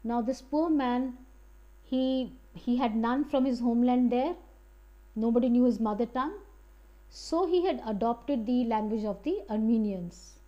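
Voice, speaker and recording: A woman's voice: a little high, unhurried, muffled recording. A woman teacher reading a story aloud to her students and explaining it line by line in plain words. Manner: reads passages aloud and paraphrases them plainly. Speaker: English teacher.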